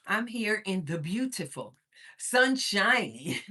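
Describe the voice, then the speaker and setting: A woman from Missouri, USA, runs a relaxed livestream, chatting, laughing a lot and reading comments from viewers, somewhat out of breath from moving about. Her medium-pitched voice swings widely in pitch, keeps a measured pace and sounds bright and forceful.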